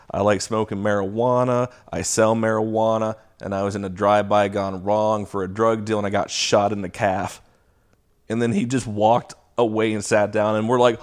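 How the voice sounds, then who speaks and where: A man who teaches, telling a story from his classroom on a podcast in a casual, animated way, acting out voices and laughing as he goes. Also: on the low side.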